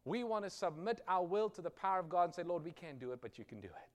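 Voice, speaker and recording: Middle-aged guy preaching, kinda high voice, gets loud and slow on the scripture bits, chatty on the stories. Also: big pitch swings. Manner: earnest storytelling preacher, rises loud on quoted scripture. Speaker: pastor. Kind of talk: sermon.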